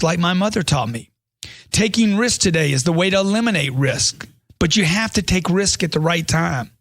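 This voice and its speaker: A man's voice: high voice, fairly bright tone, no room sound, clean studio sound. A man reading a money self-help book aloud as scripted audiobook narration, in an emphatic motivational way that leans on rhetorical questions.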